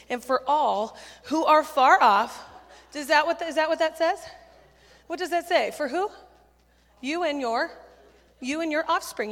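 A woman giving a sermon full of stories, talking in a chatty, animated, self-deprecating way with quick asides on a handheld mic in a church. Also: on the high side. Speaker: children's ministry speaker. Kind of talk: sermon with storytelling. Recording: church hall reverb.

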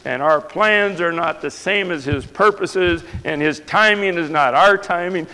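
A man's voice: high-pitched, a little slow, sharp tone, clean tone. A male pastor preaching a sermon with passion, throwing rhetorical questions at the congregation. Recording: long reverb of a large hall.

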